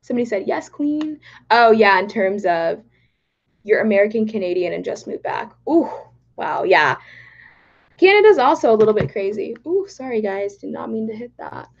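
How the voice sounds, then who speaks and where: A woman's voice: medium pitch, big pitch swings, moderate pace, gravelly. A young woman hosting a casual livestream from home, reading chat comments aloud in a bubbly, giggly way. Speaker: livestream host. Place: home in Texas. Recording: slightly dull livestream audio.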